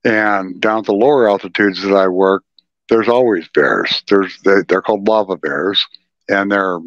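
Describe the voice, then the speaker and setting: Earnest low-voiced man, emphatic, dull lo-fi call sound. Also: dry recording. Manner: earnest, emphatic, repeats "okay". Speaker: podcast guest, ufologist. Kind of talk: casual interview talk.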